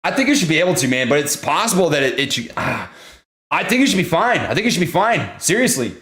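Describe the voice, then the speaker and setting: A man's voice: fairly high pitch, very animated, fast, roomy sound. Hyped young man calling stock prices. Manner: hyped, shouts and laughs at price moves, repeats phrases. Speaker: stock trading livestream host. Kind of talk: excited live market commentary. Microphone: desk studio mic.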